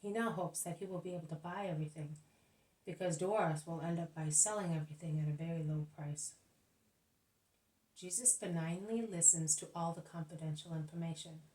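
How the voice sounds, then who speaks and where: A woman's voice: lowish voice, dark tone. Woman reading a religious text in an echoey room. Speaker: audiobook narrator. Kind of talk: scripted religious narration.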